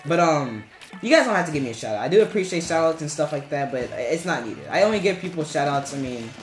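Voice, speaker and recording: A male streamer chats loosely over his gameplay, his voice lively and jumping around in pitch as he rambles and jokes. The room has a roomy echo, and faint game music plays underneath. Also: fast talker. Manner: rambling and playful, chanting "garbage" in sudden high squeals. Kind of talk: casual live-stream commentary while gaming.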